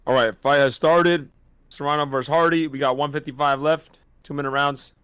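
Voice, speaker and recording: A man calling a boxing match on a casual watch-party stream, excitable and slangy, laughing often. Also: a little high, moderate pace, clear, resonant tone, no echo. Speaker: host doing fight commentary.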